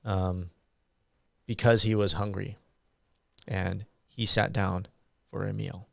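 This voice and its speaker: Slow, gravelly male lecturer. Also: fairly low pitch, little pitch movement, no room sound. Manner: slow and halting, many ums and uhs. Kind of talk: university grammar lecture.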